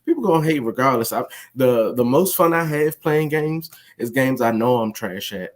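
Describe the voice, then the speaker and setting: A man's voice: mid-range voice, expressive, moderate pace. A man joking around as a guest on a casual gaming podcast, stumbling into restarts and laughing. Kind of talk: casual chat.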